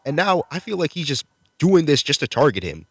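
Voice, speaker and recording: A man's voice: fairly high pitch, very animated, a little fast, breathy edge, dry recording. A man casually reviewing a manga chapter, swearing freely as he recaps the fights. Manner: laid-back, profane, enthusiastic recapping. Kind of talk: casual video commentary.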